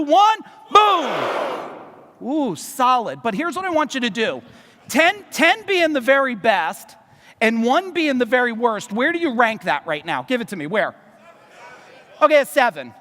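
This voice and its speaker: A man from New Jersey giving a loud, fast, profane motivational business seminar to a live audience in a large hall. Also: very high voice. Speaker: business speaker. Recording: long reverb of a large hall.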